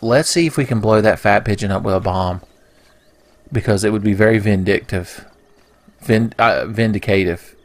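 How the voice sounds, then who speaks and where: A young man doing casual let's play commentary, rambling into goofy, profane rants. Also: lowish voice. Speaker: gaming commentator.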